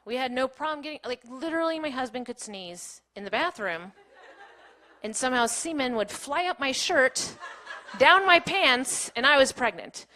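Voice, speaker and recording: Woman speaker in her thirties, slightly high voice, candid and chatty storytelling, laughs often. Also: lively intonation, normal speed, sharp tone. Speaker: keynote speaker. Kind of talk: personal storytelling talk. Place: small playhouse stage.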